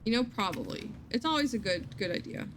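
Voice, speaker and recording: A woman's voice: medium pitch, lively intonation, a little fast, slight background noise. A woman streamer chatting casually and thinking aloud while playing a game. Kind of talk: casual gameplay commentary.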